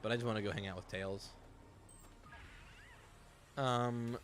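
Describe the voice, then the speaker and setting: A man's voice: fairly low pitch, fairly even intonation, measured pace, long pauses, a bit bright, a little hiss or hum. A young man chatting casually while streaming a game, rambling and swearing freely. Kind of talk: casual gameplay commentary.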